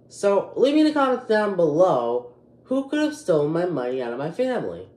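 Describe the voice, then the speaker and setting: A man's voice: sits high, huge pitch swings, fairly quick, a little mellow, echoey room. A twelve-year-old boy hosting a casual vlog, agitated and rambling with many restarts. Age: 12 years old. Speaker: youtube channel host.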